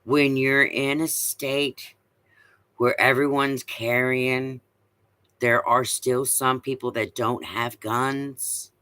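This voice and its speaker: Sharp-voiced, blunt man ranting. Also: mid-range voice, little pitch movement, takes it slowly, clean tone, dry recording. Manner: blunt and profane, with repeated rhetorical questions. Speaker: vlogger. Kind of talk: casual ranting monologue.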